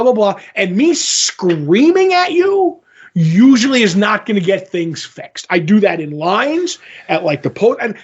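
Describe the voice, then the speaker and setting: A man co-hosting a podcast in casual chat, telling an animated story with swearing and acted-out quotes. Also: sits high, breathy edge, lo-fi sound. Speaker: podcast co-host.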